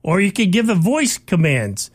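A man with a notably high voice chats as a co-host. He talks in a folksy, anecdotal way. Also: very animated, normal speed. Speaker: podcast co-host. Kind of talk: casual chat.

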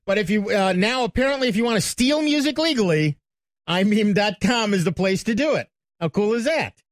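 A man's voice: high voice, animated, brisk, no echo. A man hosting a call-in tech radio show, reading news items and bantering with co-hosts. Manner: chatty, reads news items then banters. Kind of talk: casual tech talk radio. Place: radio studio.

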